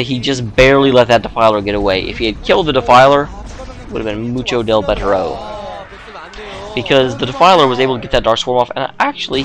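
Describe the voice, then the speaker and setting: Man, sleepy, yawning, casual play-by-play, joking asides, mid pitch. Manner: chatty, joking asides, self-corrects. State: sleepy, yawning late at night. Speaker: solo game commentator.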